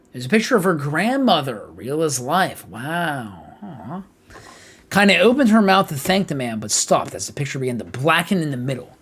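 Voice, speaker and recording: A man streaming a live game playthrough, reading the text aloud with animated asides. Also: fairly high pitch, normal speed, slightly rough.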